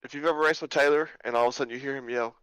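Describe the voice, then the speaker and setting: A man's voice: mid-range voice, steady tone, racing, a bit bright, clean tone, no echo, poor audio. A man chatting casually on a racing podcast, talkative and joking. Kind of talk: casual chat.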